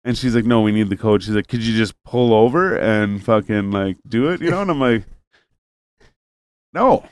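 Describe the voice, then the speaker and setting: A man's voice: lowish voice, a little fast, clear, resonant tone, no echo. A man telling a long, rambling story in casual chat, cursing freely and acting out both sides of a phone call.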